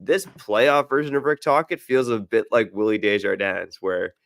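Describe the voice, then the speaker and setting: A man hosting a sports podcast in a relaxed, chatty way. His voice sits low with a gravelly edge. The sound is dry and close to the mic. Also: normal speed, no room sound. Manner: easygoing, reads ad copy, filler-heavy. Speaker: podcast host. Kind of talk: casual sports podcast chat.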